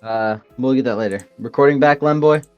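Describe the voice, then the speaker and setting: A man narrating as game master of a tabletop game, halting and filled with pauses. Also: mid-range voice, a little mellow, clear, resonant tone, no room sound, faint music behind.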